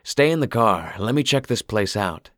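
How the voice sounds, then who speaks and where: A man's voice: lowish voice, expressive, normal speed, no room sound, studio quality, close to an everyday voice. A man voicing a cautious, nervous young husband who speaks hesitantly. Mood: uneasy. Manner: tense, hesitant.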